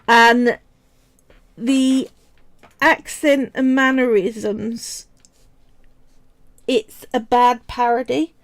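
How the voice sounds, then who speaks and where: A woman's voice: on the high side, flat delivery, drawn-out words, pauses often. A woman with a Cockney accent from East London, chatting casually during a live stream as she sculpts and wanders off on tangents while answering viewers. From England. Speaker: polymer clay artist streaming live.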